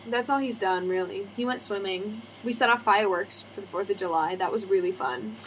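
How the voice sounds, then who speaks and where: A woman's voice: mid-range voice, fairly quick, poor audio. A young adult woman hosting a casual podcast chat, rambling along and swearing freely as she tells stories. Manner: rambling, swears freely, acts out quoted voices. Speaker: podcast host. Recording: faint background noise.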